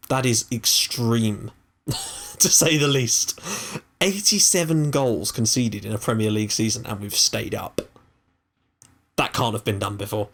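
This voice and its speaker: A young man hosting a gaming channel, chatting casually and excitably over his game, with the odd swear. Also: fairly low pitch, slight background noise.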